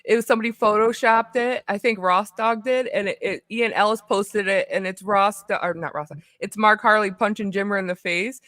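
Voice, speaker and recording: A woman hosting a live stream panel, chatting casually, giggly and excitable with lots of fillers. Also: medium pitch, brisk, few pauses, no room sound, clean studio sound. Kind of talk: casual chat.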